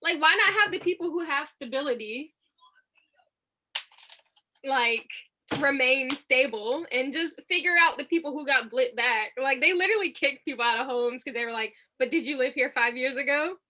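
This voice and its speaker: A woman's voice: sits high, expressive, moderate pace, pushed and bright. A young woman co-hosting a podcast, chatting casually in a slangy way and laughing often. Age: young adult. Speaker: podcast co-host. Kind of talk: casual chat.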